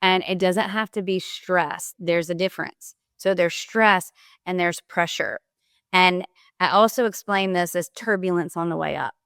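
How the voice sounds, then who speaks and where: A woman with a smooth, clear voice and a dry, close sound talks as a podcast guest. She explains her ideas with energy and vivid examples, like a coach. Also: fairly low pitch, a little slow, a bit bright, no echo. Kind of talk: motivational interview talk.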